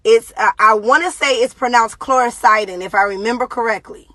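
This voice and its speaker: A young adult woman streaming live to her viewers, speaking haltingly about her daughter with many fillers and pauses. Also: a little high, a bit bright, dry recording. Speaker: parent giving a live video update.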